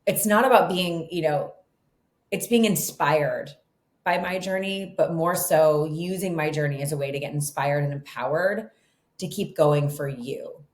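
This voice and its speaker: Middle-aged woman, guest author, casual and chatty, slightly low voice, roomy echo. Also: unhurried. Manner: chatty, animated, lots of "like" and "you know". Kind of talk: casual interview storytelling. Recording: echoey room.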